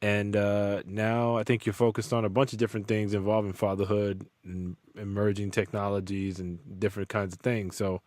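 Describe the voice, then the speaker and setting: A man with a fairly low voice hosts a podcast in easygoing, slangy chat. The sound is dry and close. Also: little pitch movement, normal speed, few pauses, darkish tone, no echo. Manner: easygoing, slangy, introduces guests. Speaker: podcast host. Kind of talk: casual chat.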